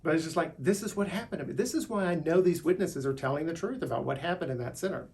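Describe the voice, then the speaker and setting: A man's voice, pitched a little high, carries this loose solo monologue. He is middle-aged, stops and restarts his phrases, and hammers on key words with rising emphasis. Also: quick pace, darkish tone. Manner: rambling, emphatic, restarts words, voice climbs when indignant. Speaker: vlogger. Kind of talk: unscripted monologue to camera.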